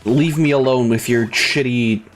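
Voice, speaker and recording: A man's voice: medium pitch, unhurried, soft background music. A man doing gameplay commentary in a crude, sarcastic, profane rant. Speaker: let's play host.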